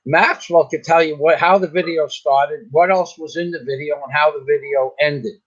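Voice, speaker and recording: Speaking at normal speed with a fairly high, husky voice and fairly even intonation, an older vlogger meanders through a long story, frequently restarting sentences and repeating himself. His recording has a slightly dull, lo-fi quality.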